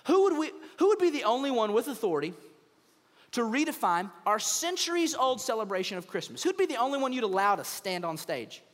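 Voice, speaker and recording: Pastor, man, high lively voice, hall reverb, acts out bits. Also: fairly quick. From United States. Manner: animated storytelling, acts out voices, humorous. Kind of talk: sermon. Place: church stage.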